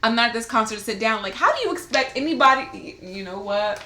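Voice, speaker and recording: A woman's voice: a little high, animated, fast, sharp tone, a little hiss or hum. A young woman co-hosting a casual podcast, reading a listener's letter aloud, laughing often and swearing freely. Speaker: podcast co-host. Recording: roomy echo.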